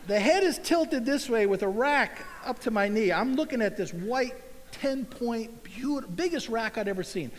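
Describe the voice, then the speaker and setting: A middle-aged man holds a live audience with a folksy, animated story, laughing and exclaiming as he goes. His voice sits high for a man. The sound carries the long reverb of a large hall. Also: moderate pace, a little hiss or hum. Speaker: speaker at an event.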